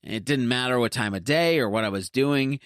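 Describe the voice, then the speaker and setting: A man's voice: mid-range voice, moderate pace, clean tone, no echo, studio quality. A man hosting his own podcast, talking casually in a chatty, self-deprecating way with joking asides. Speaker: podcast host. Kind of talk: casual solo podcast monologue.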